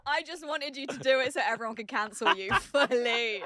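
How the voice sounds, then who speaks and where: A young woman co-hosting a casual podcast, teasing her co-host with quick back-and-forth replies. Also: high-pitched, pushed and bright, dry recording. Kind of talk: casual chat.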